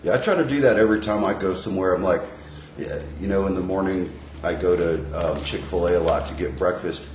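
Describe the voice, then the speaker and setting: A man's voice: low voice, fairly quick, darkish tone, roomy sound, a little hiss or hum. A man co-hosting a podcast, chatting casually and telling stories with friends. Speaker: podcast co-host. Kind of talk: casual chat.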